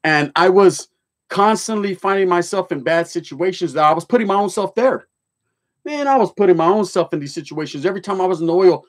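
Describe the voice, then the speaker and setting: Streamer, middle-aged man, slightly high pitch, blunt street-slang storyteller. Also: expressive, brisk. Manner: streetwise slang mixed with Spanish words, heavy swearing; blunt, storytelling, joking then serious. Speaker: livestream host. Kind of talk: casual livestream chat, reading comments aloud.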